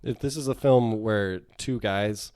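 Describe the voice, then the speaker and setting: A man's voice: lowish voice, unhurried, darkish tone, no echo. A man co-hosting a podcast, discussing films with wry, dry humor and leading the segments. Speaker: podcast co-host. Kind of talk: casual film discussion.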